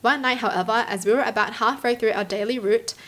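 A woman's voice: a little high, a little fast. Young woman reading stories aloud. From Australia. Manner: animated, exclaiming reactions. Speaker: host.

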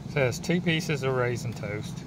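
A man's voice: mid-range voice, expressive, normal speed. A man, casually narrating his camping vlog and talking to viewers at a wooded campsite. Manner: easygoing, talks to viewers as guys. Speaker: camping vlogger. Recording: noisy outdoor camcorder audio.

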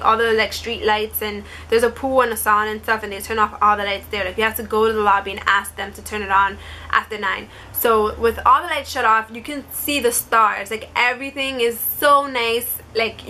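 A woman's voice: a little high, sharp tone, a little hiss or hum. A young woman vlogger telling a personal story to camera in a casual, chatty way, full of "like" fillers. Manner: chatty, many "like" fillers, quotes others in quick asides.

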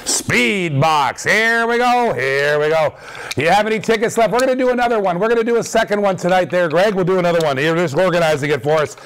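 A man hosting a live auction stream, calling out dice throws with energetic, repetitive hype patter. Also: high-pitched, a little fast, clean tone.

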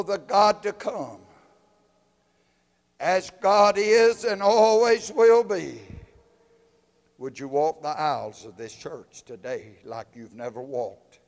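A man preaching a sermon and leading prayer as pastor, with a Southern American accent, swelling loud and dropping soft. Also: high voice. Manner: fervent preaching with sudden swells and drops in loudness. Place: church sanctuary. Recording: long reverb of a church hall.

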